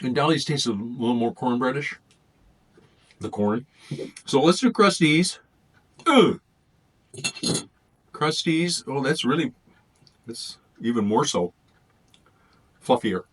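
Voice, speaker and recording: A man's voice: mid-range voice, expressive, slow pace, pauses often, breathy edge. Chatty man rambling through a taste test. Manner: rambling, thinks aloud between bites. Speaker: food reviewer. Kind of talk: casual taste-test vlog.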